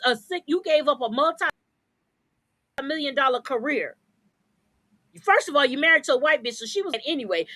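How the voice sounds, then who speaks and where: Fired-up woman ranting, high bright voice. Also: dry recording. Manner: profane, blunt, fired-up ranting. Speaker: podcast co-host. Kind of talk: heated podcast rant.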